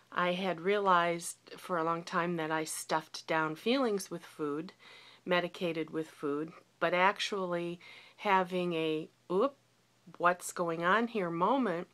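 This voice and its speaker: A woman's voice: on the low side, pushed and bright. A woman in her forties talking candidly in a reflective personal video diary. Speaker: vlogger.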